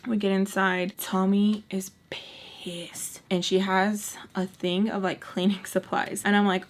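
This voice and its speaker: A woman's voice: medium pitch, flat delivery, measured pace, few pauses, slight background noise. Chatty exasperated woman telling a story. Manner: chatty, exasperated, frequent hushed asides. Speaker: storytime vlogger. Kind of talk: casual storytime while doing makeup.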